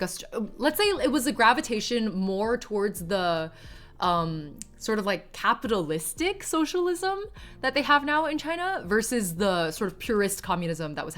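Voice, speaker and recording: A woman's voice: mid-range voice, a bit bright. A woman streamer chatting casually on a livestream, rambling with lots of filler words and reading viewer chat aloud, sometimes in Mandarin.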